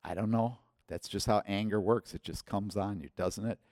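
Low-voiced guy preaching a testimony, dry close sound, gets loud quoting people. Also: steady tone, moderate pace, no echo. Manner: storytelling, voice swells loud when quoting others. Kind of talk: sermon testimony.

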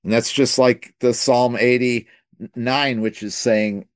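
A middle-aged man, a minister, telling a personal testimony in a rambling, halting way with many restarts, dropping softly when he quotes himself. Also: steady tone, clear, resonant tone, no room sound, clean studio sound. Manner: drops to a soft low voice when quoting himself and God.

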